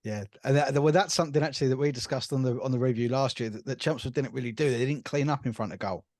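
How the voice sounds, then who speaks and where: A man's voice: mid-range voice, quick pace, a little mellow, dry recording, studio quality. An easygoing, enthusiastic man from England, a guest on a casual sports podcast.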